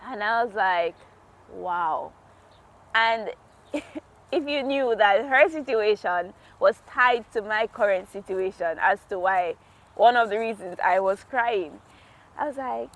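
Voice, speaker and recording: Taking it slowly in a medium-pitched voice, a woman tells a heartfelt story about her faith for her vlog. She laughs a lot and keeps it casual, speaking outdoors somewhere quiet and natural.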